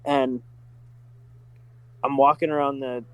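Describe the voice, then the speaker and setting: A middle-aged man telling stories in a casual podcast chat, full of fillers and excitement. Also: mid-range voice, takes it slowly, smooth, dry recording, poor audio. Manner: enthusiastic, many fillers like "like" and "uh". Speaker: podcast guest, driving school staff. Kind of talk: casual storytelling.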